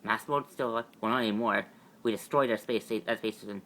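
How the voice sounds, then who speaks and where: A man's voice: on the low side, fast talker, pushed and bright. A man performing a fan-made superhero audio drama, stammering heavily through repeated restarts. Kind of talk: amateur audio drama voicing.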